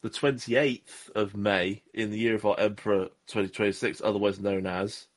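A man's voice: lowish voice, fairly even intonation, normal speed. A man from Southwest England with an English accent, hosting a casual podcast chat, jokey and rambling with lots of fillers and restarts. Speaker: podcast host.

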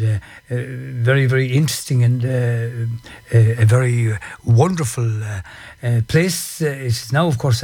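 A man presenting on radio, summarising an interview in a halting way. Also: medium pitch, darkish tone, breathy edge, no echo. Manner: halting, filler-heavy summary.

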